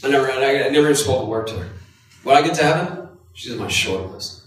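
A man preaching a sermon, telling a personal story in an animated, confessional way. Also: mid-range voice, fast talker. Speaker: pastor. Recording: echoey hall from far off.

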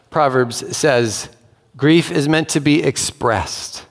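A man's voice: on the high side, slow pace, vocal fry. Earnest male preacher in a reverberant hall. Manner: conversational, earnest, acts out quotes. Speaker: pastor. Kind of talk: sermon.

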